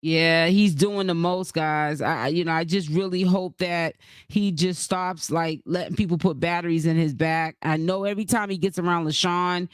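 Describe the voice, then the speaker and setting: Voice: mid-range voice, steady tone, normal speed, smooth, no echo. Chatty live-stream host with a dry sound. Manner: chatty, greets viewers from the chat between points; rambling, with many fillers and restarts. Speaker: YouTube commentary host. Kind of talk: casual live-stream commentary.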